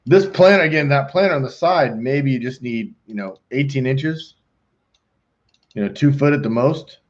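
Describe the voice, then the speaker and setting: A man's voice: mid-range voice, unhurried. A middle-aged man hosting a live pool design call, joking and talking to himself as he works on the computer. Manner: joking, talks to himself while working. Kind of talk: casual chat while designing on a computer. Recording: dull lo-fi stream audio.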